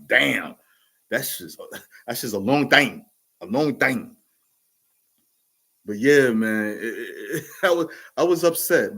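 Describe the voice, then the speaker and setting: Rambling New York man telling a story. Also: medium pitch. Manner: rambling, laughs often, many restarts and fillers. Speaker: podcast host telling a story. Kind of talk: casual storytelling monologue.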